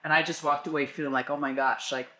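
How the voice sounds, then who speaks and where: A woman speaking as an interview guest, earnest and thoughtful, laughing along and pausing to find her words. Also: low-pitched, fairly even intonation, pushed and bright, echoey room. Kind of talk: casual interview.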